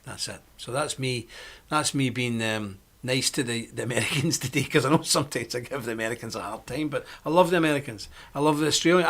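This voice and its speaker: A man's voice: mid-range voice, brisk. A middle-aged man hosting a live-stream monologue, talking in a rambling, chatty way with frequent laughs. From Britain. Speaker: host.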